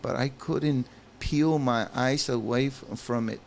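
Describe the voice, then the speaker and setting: Slow, gravelly man reading a game aloud. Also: mid-range voice, fairly even intonation, a little hiss or hum. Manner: reads the game text, then breaks off with exclaimed reactions; talks to viewers as "guys". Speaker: gaming channel host. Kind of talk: let's play commentary, reading a story game aloud.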